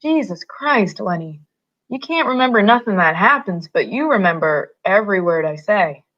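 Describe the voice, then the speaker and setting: A woman voicing a weary, tough ranch hand who speaks flatly and quietly, in a slightly muffled recording. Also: mid-range voice, moderate pace. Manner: flat, quiet, terse.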